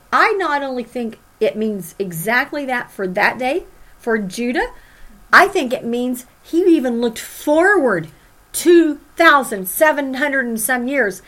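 A woman teaching from the Bible, reading scripture aloud and explaining it with dramatic emphasis. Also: on the high side. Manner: animated, dramatic emphasis when reading prophets' cries.

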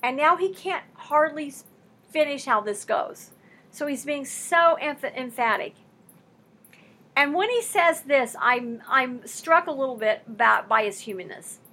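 A woman's voice: high voice, lively intonation, unhurried, pushed and bright. A woman teaching a sermon on scripture, impassioned and emphatic, mixing conversational asides with rising bursts. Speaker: Bible teacher.

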